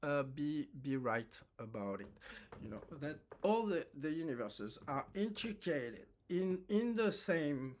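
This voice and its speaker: Man, slightly high voice, very slow, halting, earnest video message. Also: big pitch swings, a little hiss or hum. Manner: halting, hesitant, many restarts; earnest, heartfelt. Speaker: viewer asking a question.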